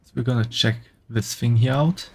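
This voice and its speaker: A man's voice: medium pitch, normal speed, a little mellow. A man streaming a game, chatting casually and reading quest text as he plays. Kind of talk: casual gameplay commentary.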